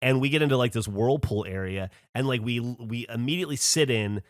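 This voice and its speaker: Animated man telling a podcast story. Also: mid-range voice, brisk, no echo, studio quality. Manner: animated storytelling, swearing, laughing asides. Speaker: podcast host. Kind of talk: casual chat.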